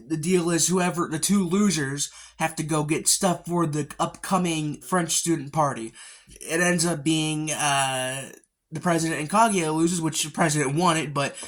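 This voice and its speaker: A man's voice: fairly high pitch, moderate pace, fairly bright tone. A man giving a casual, rambling recap of an anime episode, full of fillers and mild swearing, often jumping into characters' lines with a raised voice.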